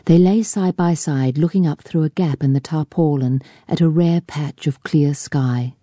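Woman narrator, low voice, mellow tone, measured reading, dry close sound. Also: no echo. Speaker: audiobook narrator. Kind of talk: scripted narration.

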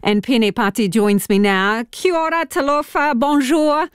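A woman's voice: high-pitched, steady tone, a little slow, clear, resonant tone, dry recording. Woman radio host, teasing, chatty, dry close sound. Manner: playful, teasing. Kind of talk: casual interview.

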